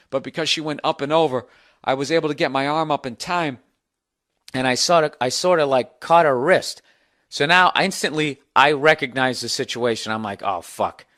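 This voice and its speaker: A middle-aged man at home, telling a bar story in a profane, sarcastic, animated rant as a podcast host. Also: mid-range voice. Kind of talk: ranting storytelling.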